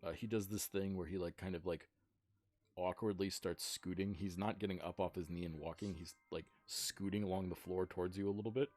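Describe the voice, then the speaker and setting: A man's voice: low voice, steady tone, darkish tone, soft background music. A man as game master, casually narrating a tabletop game scene with many fillers. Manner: casual, filler-heavy, drawn-out description.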